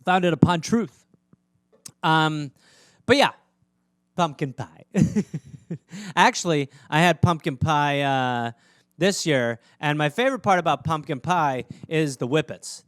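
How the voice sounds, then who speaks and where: Brief: male comedian, high lively voice, solo sarcastic rant, dry close mic. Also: measured pace, pauses often, no echo. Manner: rambling, sarcastic, mock-outraged. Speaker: comedy podcast host. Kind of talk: solo comedic riffing monologue.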